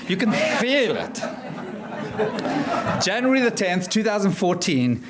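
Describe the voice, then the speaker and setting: A South African man delivers a personal storytelling speech to an audience. His voice sits a little high for a man. He paces the story with deliberate pauses and drops in humorous asides. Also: noisy background. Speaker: keynote speaker. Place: club function room.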